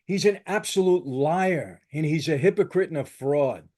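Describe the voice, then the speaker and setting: A man's voice: fairly high pitch, moderate pace, mellow. An older man hosting his own channel, delivering an emphatic, combative political commentary with lots of repetition. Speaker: channel host.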